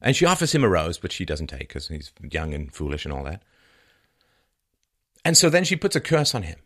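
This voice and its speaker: Man, lower voice, very animated pitch, sarcastic, mocking, emphatic monologue. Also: a little fast, long pauses. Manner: emphatic, repeats for stress. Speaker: commentator. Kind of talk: opinionated monologue.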